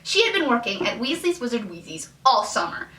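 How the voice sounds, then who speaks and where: A young American woman, chatty and self-mocking as she reads out her old writing. Her voice is bright and fairly high. The room has a noticeable echo, and she sits a little back from the mic. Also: sing-song, a little fast, far from the mic. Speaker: YouTube host. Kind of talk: reading her old fanfiction aloud with comments.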